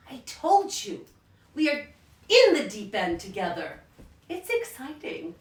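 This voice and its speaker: A woman teacher records a math lesson for children learning at home. Her voice is bright and slightly high, and she coaxes the kids along in an upbeat, encouraging way. She sounds a little distant from the mic, in an echoey room. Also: very animated, measured pace.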